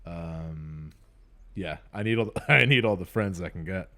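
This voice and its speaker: A man's voice: sits low, measured pace, sharp tone. A man hosting a let's play, chatting casually and laughing often with self-deprecating asides. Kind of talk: casual gameplay commentary.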